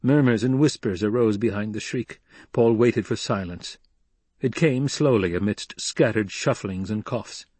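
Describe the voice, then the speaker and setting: Husky male audiobook narrator. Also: lowish voice, measured pace, a little mellow, no room sound.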